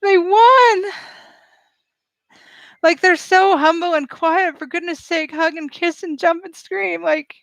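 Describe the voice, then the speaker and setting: A woman vlogger giving live reaction commentary, excitable and gushing, talking straight to her viewers. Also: very high-pitched, moderate pace, vocal fry, few pauses, dry recording, low-quality recording.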